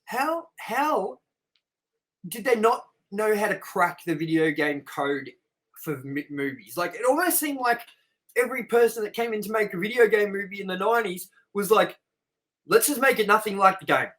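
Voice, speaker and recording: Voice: mid-range voice, expressive, moderate pace. A movie-review co-host in casual chat, ranting with exasperation and plenty of swearing.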